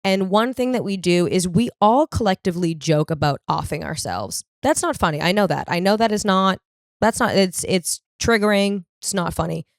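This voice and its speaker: A woman's voice: on the low side, normal speed, gravelly, dry recording, studio quality. A woman in her thirties from the US East Coast, hosting a podcast as a rambling, profane comedic monologue and acting out other people's voices. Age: 30s. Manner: profane, rambling and animated, acts out quoted voices. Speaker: podcast host.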